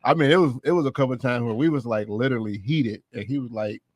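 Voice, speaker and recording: A man co-hosting a podcast and coaching couples, telling relaxed stories and explaining his points deliberately. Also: mid-range voice, no echo. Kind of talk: casual chat and advice.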